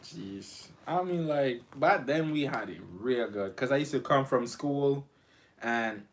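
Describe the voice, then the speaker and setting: A young man co-hosting a live stream, telling childhood stories in an animated, laughing way. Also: medium pitch, slow pace. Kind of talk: casual chat, storytelling. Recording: noisy stream audio.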